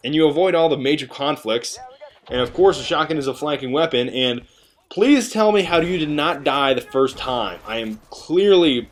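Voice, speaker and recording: A man's voice: on the high side, expressive, normal speed, a little hiss or hum. Joking young man doing gameplay commentary. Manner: joking, rambling, chatty asides. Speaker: gaming video commentator.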